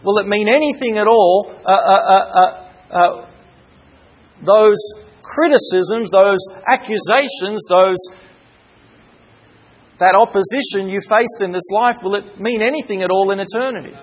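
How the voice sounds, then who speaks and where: A man's voice: high voice, low-quality recording. A man preaching a sermon, asking rhetorical questions and calling out for amens, drawing out key words and often stumbling over fillers. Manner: slows and stresses key words, with hesitant fillers. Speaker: pastor.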